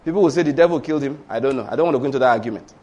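A man preaching a storytelling sermon, swinging between hushed asides and loud exclamations. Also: medium pitch, very fast.

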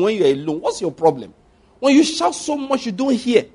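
Higher-voiced man preaching a conversational sermon. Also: very animated, normal speed, husky. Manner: repeats phrases for emphasis, swings from soft to loud.

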